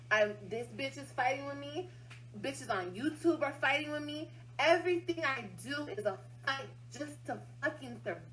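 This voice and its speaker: A woman's voice: high voice, a little hiss or hum, rough recording. A woman hosting a casual livestream, venting bluntly and swearing heavily as she talks straight to her viewers. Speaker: livestream host.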